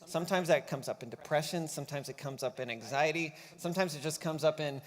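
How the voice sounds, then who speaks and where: A man's voice: fairly high pitch, quick pace. A man speaking at a church conference in an easygoing, conversational way. He often acts out quoted inner dialogue. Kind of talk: conversational stage talk. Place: church auditorium. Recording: long reverb of a large hall.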